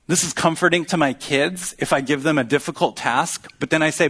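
A man preaching a sermon as pastor, earnest and teaching, with emphatic pauses. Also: a little high, fairly bright tone, slightly rough.

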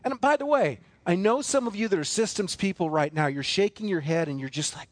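A man's voice: high-pitched, big pitch swings, moderate pace, few pauses. A man preaching a sermon as pastor, emphatic and repetitive, with many rhetorical questions.

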